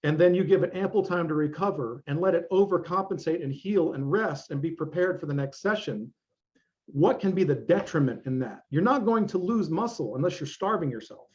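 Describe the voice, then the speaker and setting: A man's voice: on the high side, lively intonation, fairly quick, darkish tone, lo-fi sound. Blunt, swearing middle-aged male coach. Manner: blunt, profane, emphatic. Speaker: fitness coach guest. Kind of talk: casual interview talk.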